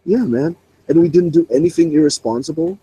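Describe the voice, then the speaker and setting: A man's voice: on the high side, expressive, brisk, mellow, husky, poor audio. A young man swearing freely as he tells a rambling story in a casual online voice chat. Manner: profane, rambling, laughing.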